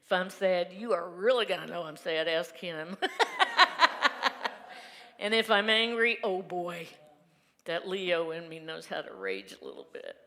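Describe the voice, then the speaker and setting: A woman's voice: fairly low pitch, animated, measured pace, long pauses, a bit bright. A woman minister giving a candid, conversational Sunday sermon from her own life, laughing often. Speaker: reverend giving a Sunday message. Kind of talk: personal testimony sermon. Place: church sanctuary. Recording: reverberant sanctuary hall.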